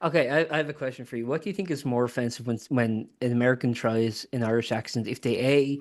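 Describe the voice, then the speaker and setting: A man's voice: mid-range voice, fairly even intonation, fast talker, hardly any pauses, a little mellow. Guy hosting a chill podcast, rambly, keeps laughing at his own jokes. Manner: rambling, laughing, mock voices. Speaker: podcast interviewer. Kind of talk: casual chat.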